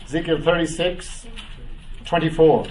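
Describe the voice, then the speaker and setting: A man's voice: fairly high pitch, darkish tone, far from the mic, slight background noise, rough recording. Man teaching scripture from afar. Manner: reads scripture aloud with comments; pauses with "uh" and "um". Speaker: preacher. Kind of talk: bible teaching.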